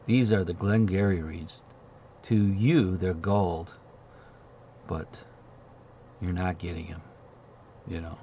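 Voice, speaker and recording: Gravelly low-voiced guy ranting about markets, sarcastic and rambling, muffled lo-fi sound. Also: steady tone, takes it slowly, pauses often, dark tone, slight background noise. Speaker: market commentary host. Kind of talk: casual market commentary. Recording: dull lo-fi recording.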